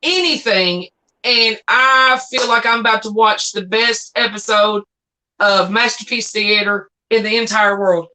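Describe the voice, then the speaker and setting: A woman host with a Southern US accent in a casual chat, folksy and quick to laugh, drawing her words out. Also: medium pitch, sharp tone, slight background noise, poor audio.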